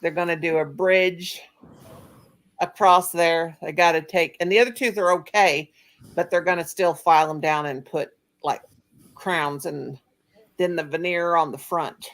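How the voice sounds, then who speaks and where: A woman's voice: fairly low pitch, steady tone, a little slow, fairly bright tone. A middle-aged woman hosting a casual family chat, rambling and telling stories with a lot of laughter. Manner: rambling, chatty storyteller who laughs a lot. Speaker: channel host.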